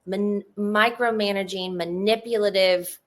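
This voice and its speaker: A woman guest in a casual interview, talking in an earnest, emotional way and telling personal stories in a fast flow with many fillers. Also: mid-range voice, fairly even intonation.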